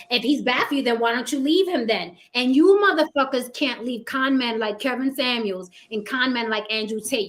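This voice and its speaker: Forceful high-pitched woman host. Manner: forceful, emphatic, profane; acts out men's voices in a low mocking tone. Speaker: panel host. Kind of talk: heated panel discussion.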